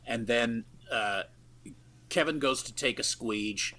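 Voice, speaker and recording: A man with a medium-pitched, sharp-toned voice speaks slowly as he co-hosts a podcast. He recaps a film loosely and profanely, with plenty of fillers and easy laughter.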